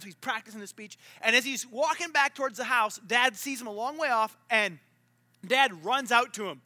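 A man preaching a sermon in a relaxed, conversational way, full of asides and filler words. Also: very high-pitched, normal speed, no room sound. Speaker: pastor. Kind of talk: casual sermon storytelling.

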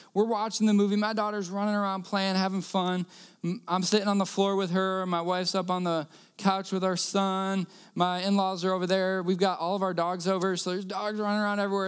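Male preacher, high and smooth voice, earnest sermon storytelling with repeated key lines.

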